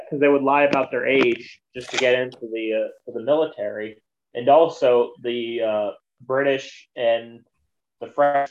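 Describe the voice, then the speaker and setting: Rambling man retelling a movie, muffled. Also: medium pitch. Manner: rambling, retelling scenes with quoted voices. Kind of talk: casual movie discussion.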